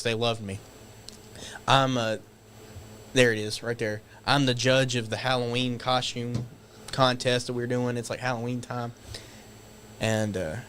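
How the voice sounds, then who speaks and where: A man guest on a podcast, telling stories casually, animated and swearing, acting out shouted quotes. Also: mid-range voice, slight background noise. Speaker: guest wrestler. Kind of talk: casual storytelling.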